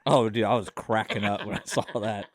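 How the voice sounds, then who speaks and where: A man's voice: lowish voice, steady tone, fairly quick, no echo, studio quality. A man co-hosting a community radio show, laid-back and jokey in casual chat, laughing often and calling people dude. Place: radio studio. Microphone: studio microphone.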